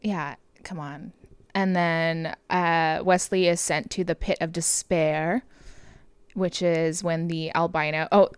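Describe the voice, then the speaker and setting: A woman's voice: low voice, fairly even intonation, slow pace, clean tone, no room sound. A woman hosting a podcast late at night, recapping a movie in casual chat, often giggling and rambling with many fillers. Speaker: podcast host.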